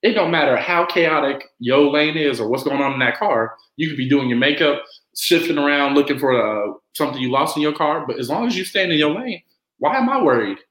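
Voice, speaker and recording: In casual podcast conversation, a man with a fairly high pitch spins animated stories, acting out what people said, and he talks fairly quickly. Poor audio and an echoey room mark the clip.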